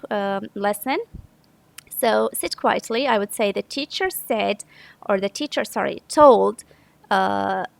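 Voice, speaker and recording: A woman's voice: a little high, creaky, dry recording, poor audio. A woman teacher from Saudi Arabia patiently walking through an English grammar lesson step by step, often correcting herself. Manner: patient, step-by-step explaining with frequent self-corrections.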